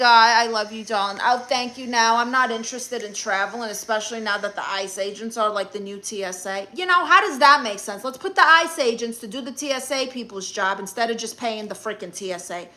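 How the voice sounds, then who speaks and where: A woman's voice: a little high, sharp tone. Sassy Brooklyn woman livestreaming. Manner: sassy, brash, reads comments aloud. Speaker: livestream host. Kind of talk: live stream chat reading comments.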